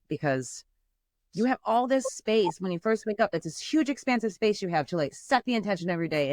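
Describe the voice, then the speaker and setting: A woman's voice: low-pitched, no room sound, clean studio sound. A woman hosting a podcast in casual chat, rambling and filler-heavy with lots of "like" and "you know". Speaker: podcast host.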